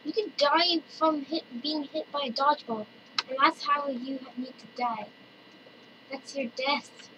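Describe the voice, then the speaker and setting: A woman chatting excitedly through her own gameplay and calling out to other players. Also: sits high, unhurried. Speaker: let's-play gamer. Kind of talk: casual gameplay commentary. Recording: distant mic with loud noise.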